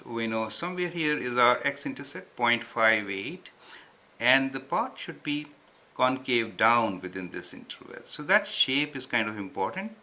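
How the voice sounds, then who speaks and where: A man's voice: mid-range voice, pushed and bright. A man tutoring calculus step by step, patiently checking understanding with frequent tag questions. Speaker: math tutor. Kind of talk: explaining at a whiteboard.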